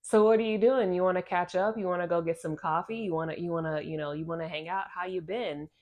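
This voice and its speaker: A woman's voice: lowish voice, fairly even intonation, fast talker, a little mellow, muffled recording, lightly acted. A woman doing a pushy, entitled long-lost parent. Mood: overly casual. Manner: breezy, overly familiar, entitled. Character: pushy estranged parent showing up wanting money.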